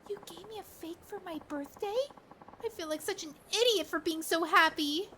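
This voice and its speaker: A woman's voice: very high-pitched, normal speed, pushed and bright, a little hiss or hum, voice pushed up. A woman playing a squealing, gushing young girlfriend. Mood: hurt.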